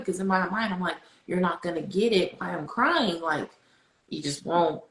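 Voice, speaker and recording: A woman speaking as a podcast guest, telling faith stories in animated casual chat. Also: a little fast. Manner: animated, storytelling, swings high when excited. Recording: echoey room.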